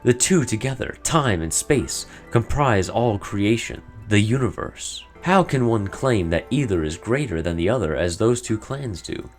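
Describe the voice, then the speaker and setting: A solemn, cryptic old woman who guards ancient legends, as a man reads her lines aloud from a game. Her voice sits low but rises and falls with lively inflection. She speaks formally, like someone handing down old words out of duty. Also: measured pace, few pauses, faint music behind. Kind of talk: reading game dialogue aloud in character.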